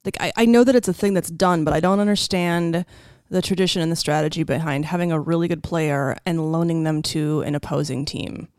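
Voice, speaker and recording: A woman co-hosting a casual sports podcast, speaking in a measured, skeptical way. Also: low-pitched, darkish tone, no echo, studio quality. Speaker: podcast co-host.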